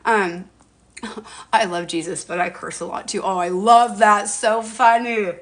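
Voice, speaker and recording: A chatty woman in her forties talks to her viewers from home. She sounds bubbly and loose, with a mild curse here and there. Her voice sits at a middling pitch. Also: fairly even intonation, measured pace, a bit bright. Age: 40s. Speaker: skincare livestreamer. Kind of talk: casual live-stream chat.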